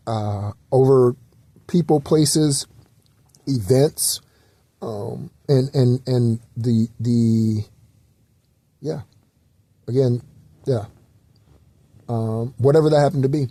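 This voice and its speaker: Man, spiritual talk host, rambling casual delivery, mellow dark tone, dry close sound. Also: medium pitch, no room sound. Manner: loose, rambling, repetitive with fillers and occasional swearing.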